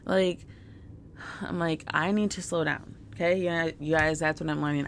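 A woman's voice: low-pitched, fairly even intonation, normal speed, creaky, slight background noise. A woman, a mother, chatting casually to her viewers in a rambling way, full of "like" and "you guys". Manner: rambling, filler-heavy, lots of "like" and "you guys". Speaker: mother sharing business contacts with viewers. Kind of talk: casual chat to camera.

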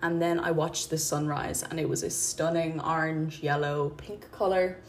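A woman hosting her podcast, talking in a calm, chatty, rambling way into her phone at home. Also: deep voice, moderate pace, a little hiss or hum. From Ireland. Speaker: podcast host and mindset coach. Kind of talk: casual spoken podcast chat. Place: her apartment.

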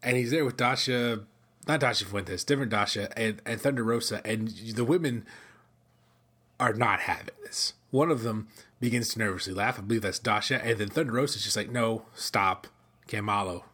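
With a brisk delivery and a fairly bright, breathy mid-range voice, a middle-aged American man rambles through his casual solo podcast. His talk is loose and conversational, packed with fillers and false starts.

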